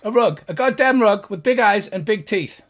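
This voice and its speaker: A man voicing a panicky, cranky male gnome king who shouts and curses. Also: high-pitched, expressive, moderate pace, voice pushed up. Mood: agitated shouting. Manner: shouting, gruff, cursing.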